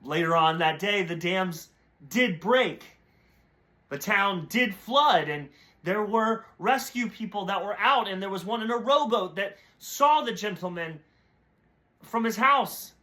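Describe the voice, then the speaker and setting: A man's voice: high voice, animated, a little slow, bright, forceful tone. A man giving a short devotional sermon, telling a parable and briefly voicing its characters before drawing a lesson. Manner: storytelling with brief voiced characters. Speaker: preacher.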